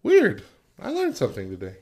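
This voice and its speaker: A man's voice: on the high side, huge pitch swings, a little fast, darkish tone. A man hosting a morning radio show, easygoing and often laughing, mixing casual banter with reading out news items.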